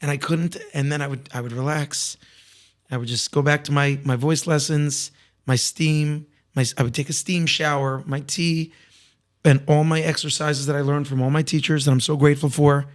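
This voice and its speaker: A man with a slightly raspy voice, a singer talking candidly as a podcast guest, reflective and full of restarts. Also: a little high, steady tone, moderate pace. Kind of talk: casual interview conversation.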